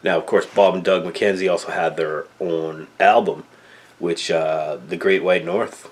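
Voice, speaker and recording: A man's voice: low voice, steady tone, measured pace. A man in his fifties from Canada with a Canadian accent, rambling loosely through a casual movie talk, full of fillers and tag questions. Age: 50s. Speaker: movie reviewer.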